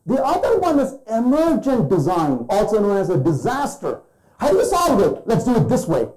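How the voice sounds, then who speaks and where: Lively, mellow-voiced man giving a keynote. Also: sits high, moderate pace, rough recording. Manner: rhetorical questions to the audience, acts out quoted voices. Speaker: keynote speaker. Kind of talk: conference keynote talk.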